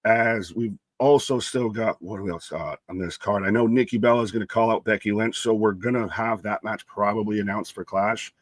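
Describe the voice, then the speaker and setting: Young guy co-hosting a wrestling stream, low voice, dry close mic, easygoing chat with the viewers. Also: moderate pace, hardly any pauses, no room sound. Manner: relaxed and chatty, greets chatters by name. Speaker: co-host of a live wrestling watch-along stream. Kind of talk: casual live-stream chat, reading viewer comments.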